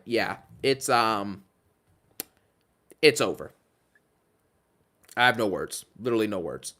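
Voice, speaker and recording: A man's voice: lowish voice, big pitch swings, takes it slowly, pauses often, bright, forceful tone. A man hosting a casual live stream, reading out donations and chatting through them with rambling asides. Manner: chatty, thanks each donor, rambling asides.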